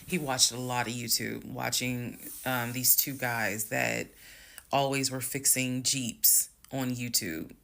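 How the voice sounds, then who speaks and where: Woman with a bit of fry doing a chatty storytime, frank, goes quiet and calm retelling stuff. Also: a bass voice, slow pace. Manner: chatty, frank, drops to a calm hush when retelling talk. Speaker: storytime creator. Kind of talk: casual storytime monologue.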